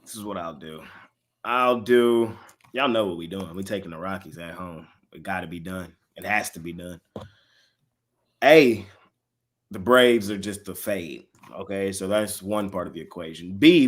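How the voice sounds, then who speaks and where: A man hosting a sports betting show, giving casual picks to his live chat and repeating lines for emphasis. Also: low-pitched.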